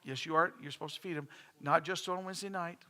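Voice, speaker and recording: A man's voice: a little high, fairly even intonation, fast, sharp tone. A middle-aged man, preaching a sermon in church with folksy stories and phrases repeated for emphasis. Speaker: pastor.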